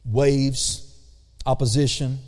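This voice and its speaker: This preacher speaks at a medium pitch, his delivery flat and a little mellow. In the church sanctuary he draws out key words and calls for responses in slow, stretched emphasis. Long reverb trails each phrase.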